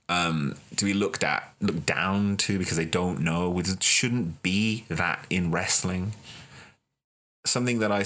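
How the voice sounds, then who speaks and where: Deep-voiced man, impassioned wrestling monologue. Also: a bit bright. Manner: emphatic, builds with repeated phrases. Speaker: wrestling video host.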